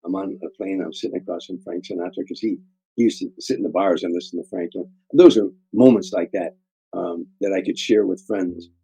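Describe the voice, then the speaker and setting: Poor audio with no echo captures an older man's deep, gravelly voice, warm and slightly rough, moving a little fast. He's a comedian from the Chicago area, USA, appearing as an interview guest and telling rambling, heartfelt stories full of repeated words.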